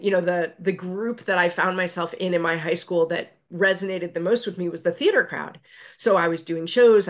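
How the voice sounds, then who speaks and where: Lively self-deprecating woman, dull lo-fi sound. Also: on the low side. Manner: animated storyteller, wry and self-deprecating. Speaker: guest, physician and resilience expert. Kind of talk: conversational podcast interview.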